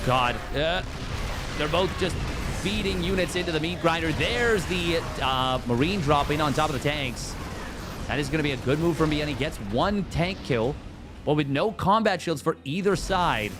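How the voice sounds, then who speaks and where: Man doing solo esports play-by-play, goofy riffs, soft music bed. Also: on the high side. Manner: jokey, excitable, riffs and sing-songs. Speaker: esports caster. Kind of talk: solo game commentary.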